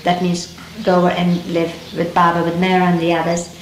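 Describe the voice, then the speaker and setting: A middle-aged woman, a native Dari speaker, recalls memories in a gentle, reflective way, pausing and restarting often. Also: lowish voice, monotone. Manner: gentle, unhurried, reflective, with many pauses and restarts. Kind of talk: reminiscing storytelling talk. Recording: roomy archival 1970s tape with faint hiss.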